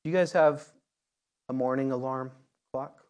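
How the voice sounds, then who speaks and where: A man's voice: medium pitch, fairly even intonation, a little slow, darkish tone, clean tone. A man preaching a conversational sermon, repeating words and building to emphatic peaks. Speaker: pastor.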